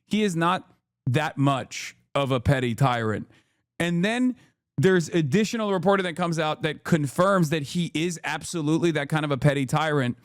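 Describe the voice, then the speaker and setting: A male streamer giving casual reaction commentary in a rather high, smooth voice. He rants in animated disbelief, talking straight to his chat. The sound is dry and close, with no room around it. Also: normal speed, dry recording. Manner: animated, incredulous ranting. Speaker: political streamer.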